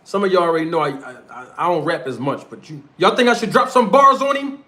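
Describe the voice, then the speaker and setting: A North Philadelphia man streams live as a show host, launching into a heated, confrontational rant full of street slang. His voice sits on the high side, and he talks fast, animated and forceful, with a bright tone.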